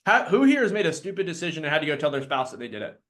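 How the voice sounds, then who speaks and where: A man leading a live sales training talk, energetic and quick to act out his clients in put-on voices. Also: a little high.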